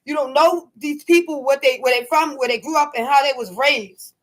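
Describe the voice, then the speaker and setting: A woman telling a story to camera in a casual rant, emphatic and animated, acting out her own shouts. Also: high voice, normal speed. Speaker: vlogger.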